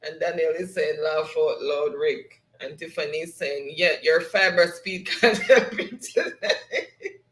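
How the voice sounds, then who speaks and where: A man hosts a casual livestream sign-off, reading viewers' comments aloud and laughing often as he drifts into patois. His voice sits high for a man. The sound bounces around an echoey room. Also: unhurried, pushed and bright. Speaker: livestream host. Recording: roomy echo.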